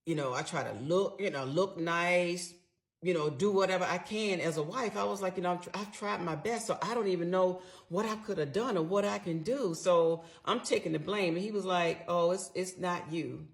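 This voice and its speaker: She has a lowish voice and a brisk delivery: a middle-aged woman speaking straight to her audience in a casual storytime monologue about her own life. The tone is candid and emphatic, with salty slang.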